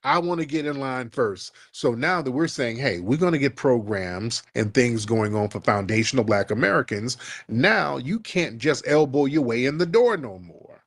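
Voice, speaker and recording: A man's voice: mid-range voice, very animated, moderate pace, few pauses, no room sound, studio quality. Man ranting mockingly as a host. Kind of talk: heated call-in debate.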